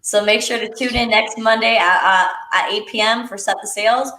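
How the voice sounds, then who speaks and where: A woman's voice: a little high, steady tone, a little fast, pushed and bright. A young woman co-hosting a sports podcast, upbeat and chatty. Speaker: podcast co-host. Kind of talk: casual podcast chat. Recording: echoey room.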